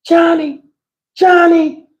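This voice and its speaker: A man voicing an older grandmother who pleads slowly and anxiously with her husband. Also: a bit bright. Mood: pleading. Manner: slow, pleading, high-pitched.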